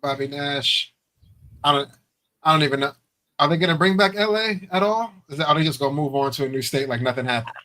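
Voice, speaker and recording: A man's voice: on the high side, expressive, quick pace, sharp tone, low-quality recording. A man co-hosting a podcast, talking in a laid-back, slangy way and laughing often. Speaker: podcast co-host. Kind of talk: casual chat.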